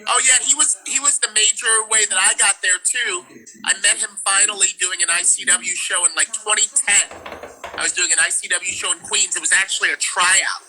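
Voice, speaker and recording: A ring announcer from New York telling stories in a casual interview, in a rambling, laid-back way. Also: male voice, high voice, steady tone, brisk, sharp tone, low-quality recording.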